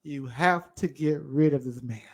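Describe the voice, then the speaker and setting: Slow, dramatic higher-voiced preacher man. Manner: dramatic, swings between loud cries and low murmurs; speaks in first person as a wrongdoer to make a point. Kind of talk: sermon.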